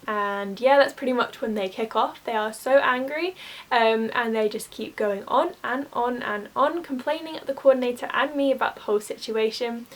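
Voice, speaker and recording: A woman's voice: on the high side, moderate pace. A young woman telling work stories in a chatty, exasperated way, full of "like". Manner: chatty, exasperated, uses "like" often. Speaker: vlogger, former theme park cast member. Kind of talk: casual storytime.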